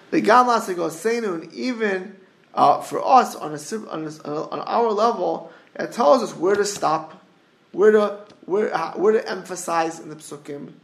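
A man's voice: sits high, creaky, a bit bright. A middle-aged man giving an informal Torah class, digressive and full of restarts. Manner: digressive, restarts often, hums melodies. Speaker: Torah teacher.

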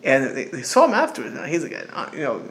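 A man's voice: fairly high pitch, huge pitch swings, fast, fairly bright tone. A middle-aged man giving an informal religious talk as a rabbi, rambling and digressive with frequent restarts and storytelling asides.

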